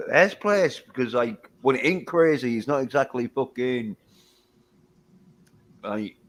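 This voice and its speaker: A man's voice: mid-range voice, a little hiss or hum. A British man hosting a livestream, chatting loosely and rambling with a lot of swearing. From Britain. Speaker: livestream host. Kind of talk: casual chat.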